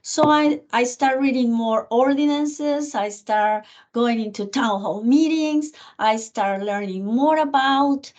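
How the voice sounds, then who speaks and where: A middle-aged woman with a Spanish accent, a guest in an interview, telling her story in an earnest, animated way. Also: on the high side, takes it slowly. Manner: earnest, animated, acts out remembered dialogue. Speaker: guest speaker, county commissioner. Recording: muffled lo-fi recording.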